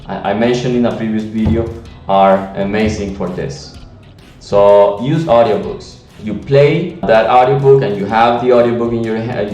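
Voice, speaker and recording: A man's voice: mid-range voice, mellow, echoey room, far from the mic. A man with a Latin American Spanish accent, giving an earnest teaching talk on language learning with frequent restarts. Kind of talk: teaching monologue to camera.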